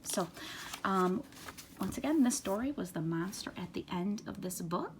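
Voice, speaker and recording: A woman explaining a read-aloud story to children in a gentle, unhurried way, with frequent fillers. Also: medium pitch, animated, slight background noise. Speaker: reader, teacher.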